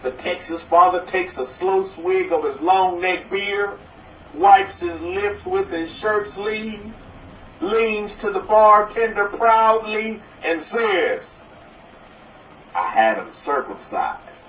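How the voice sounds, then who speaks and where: A man's voice: high voice, takes it slowly, a little hiss or hum. A man preaching as a rabbi, folksy and repetitive, mixing jokes into his sermon. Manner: repetitive, folksy, joke-telling, repeats a blessing refrain. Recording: distant, roomy, dull recording.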